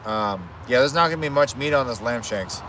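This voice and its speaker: A man streams himself cooking outdoors at a home cookout, talking casually and cursing occasionally. His mid-range voice is expressive, fairly quick and a bit bright, with a little hiss or hum in the recording.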